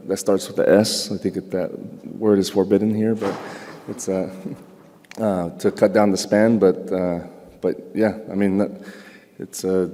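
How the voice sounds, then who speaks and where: A man's voice: low-pitched, dark tone. A man presenting as a structural engineer at a conference, casual, with many "you know" fillers. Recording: long hall reverb.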